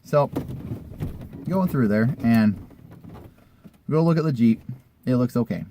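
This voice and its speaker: A man with a warm, mellow voice tells a personal story at ordinary pitch. He rambles and chats loosely, like he's talking to friends in a casual vlog, and throws in the odd swear word. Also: lively intonation, a little slow, a little hiss or hum. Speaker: vlogger telling a personal story.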